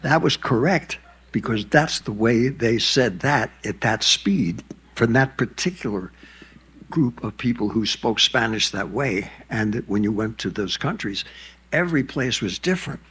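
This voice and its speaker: A man in his nineties delivers a keynote on a conference stage, rambling through anecdotes with asides and restarts. His mid-range voice is husky and fairly bright, animated yet unhurried.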